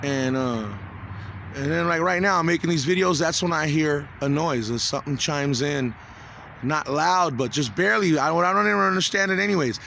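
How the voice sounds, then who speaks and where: A man in his forties talking to camera in a rambling, agitated, profane video monologue, halting and restarting often. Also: a little high, gravelly, sharp tone, slight background noise. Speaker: vlogger.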